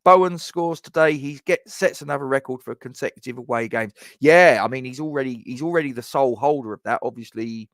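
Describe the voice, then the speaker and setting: A man with a London accent talks his way through a live football preview stream, rambling and chatty as he answers viewers by name. His voice sits at a middling pitch. The sound is dry and close, with no room echo. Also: brisk, few pauses, fairly bright tone. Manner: chatty and rambling, with frequent fillers and friendly asides to viewers. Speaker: football fan channel host. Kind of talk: live-streamed casual match preview, reading viewer comments.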